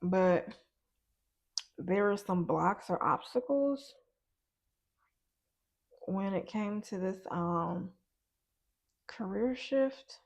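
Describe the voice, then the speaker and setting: A woman talks through a tarot spread at a slow, easy pace. She chews gum as she goes. She muses aloud, laughs often and lets her thoughts trail off. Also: medium pitch, animated, darkish tone. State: chewing gum. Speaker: tarot reader. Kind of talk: casual tarot reading.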